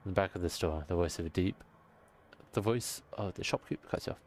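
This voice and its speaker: A man's voice: sits low, a little fast, a little hiss or hum. A man casually narrating a role-playing video game and reading its text aloud. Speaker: game master and player.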